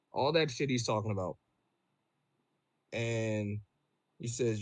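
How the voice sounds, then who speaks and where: A man on a podcast telling a story in casual chat, profane and animated, full of fillers and "bro". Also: lowish voice, slow, pauses often, no room sound.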